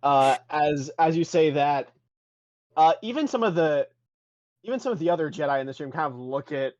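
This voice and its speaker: A man's voice: fairly high pitch, lo-fi sound. Man narrating a tabletop game. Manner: relaxed, halting with fillers. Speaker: game master.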